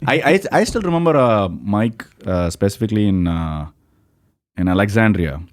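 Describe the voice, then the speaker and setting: A man's voice: fairly low pitch, animated, normal speed, no echo, studio quality. A man from India with an Indian accent, a stand-up comedian telling stories as a podcast guest in a rambling, casual way full of "like, you know". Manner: rambling, filler-heavy, with lots of "like, you know". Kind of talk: casual storytelling chat.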